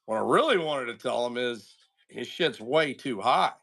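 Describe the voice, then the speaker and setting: With a creaky, fairly bright voice of medium pitch, this animated card break streamer talks at a moderate pace. He greets his audience by name, covers team rundowns, and drifts off into rambling side stories, all in casual, easygoing chat.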